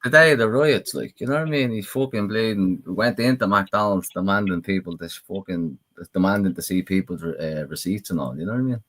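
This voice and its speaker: A man's voice: deep voice, brisk, few pauses, a bit bright. A man in casual podcast chat, telling rambling stories and swearing freely. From Ireland.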